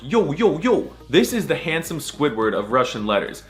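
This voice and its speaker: Goofy man with a lively voice. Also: mid-range voice, soft background music. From United States. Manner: goofy, crude, mock-outraged, drawn-out letter sounds. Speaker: comedic language explainer. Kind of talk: comedic scripted voice-over.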